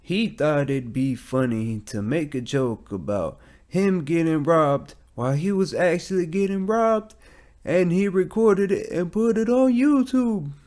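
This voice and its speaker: A man doing an impression of a brash male radio host, voice pushed higher and louder as he announces a mocking award. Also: a little slow, lightly acted.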